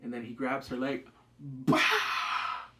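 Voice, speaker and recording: A man giving a rambling, excited recap of a TV show, full of fillers and loud acted-out yelps. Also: a little high, moderate pace, heavy background noise. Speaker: show reviewer. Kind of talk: casual spoken recap.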